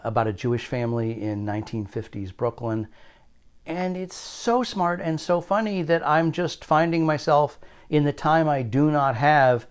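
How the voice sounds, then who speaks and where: An older male TV critic talks straight to the viewer in a casual daily video. His voice is smooth and resonant, sitting at an ordinary pitch. He rattles off his recommendation in a chatty, enthusiastic way. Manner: chatty, upbeat, quick recommendations. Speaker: TV critic host.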